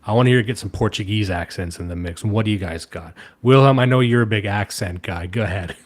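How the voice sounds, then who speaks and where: A fairly low-voiced man from Canada, hosting a livestream in loose, rambling political chat. He swears freely and breaks into laughs between his points. His delivery is casual and meandering. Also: quick pace. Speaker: stream host.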